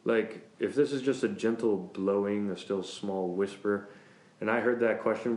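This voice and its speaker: A man, a pastor, teaching a church class in a casual, lively way, joking, often chuckling and asking the class questions. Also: on the low side, moderate pace. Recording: roomy classroom echo.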